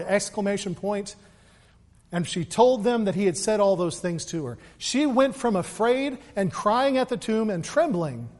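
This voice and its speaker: A man giving an earnest Easter sermon as pastor, repeating words and moving between quick asides and slow, weighty emphasis. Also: sits high. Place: church sanctuary. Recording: long reverb of a large hall.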